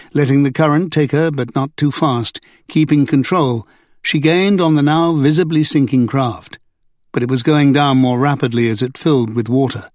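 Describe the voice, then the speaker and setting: A man narrating an audiobook in a measured, expressive manner. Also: medium pitch, dry recording, studio quality. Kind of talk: scripted narration.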